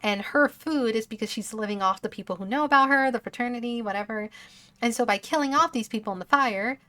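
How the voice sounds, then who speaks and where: Bright-voiced woman streamer, giggly. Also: a little high, quick pace. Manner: rambling, giggly, talks to viewers. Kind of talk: gameplay commentary.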